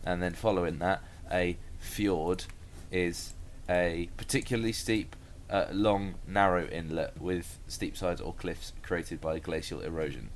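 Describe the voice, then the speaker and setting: A man's voice: deep voice, measured pace, hardly any pauses, slight background noise. A man co-hosting a casual podcast chat, joking, laughing often and swearing. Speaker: podcast co-host.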